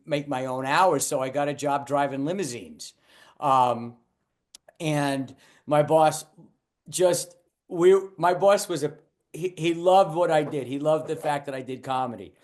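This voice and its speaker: An older man, a guest comedian, telling lively anecdotes in a casual chat, with stumbling restarts and acted-out quotes. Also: a little high.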